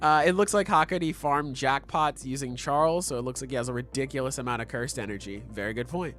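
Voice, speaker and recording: A young man co-hosting a podcast in casual chat, excitable and swearing, with lots of fillers. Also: mid-range voice, quick pace. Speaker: podcast co-host.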